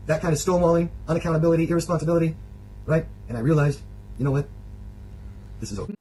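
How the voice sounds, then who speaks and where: Fast-talking, higher-voiced man. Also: mellow, slight background noise, low-quality recording. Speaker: life coach. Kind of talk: video monologue.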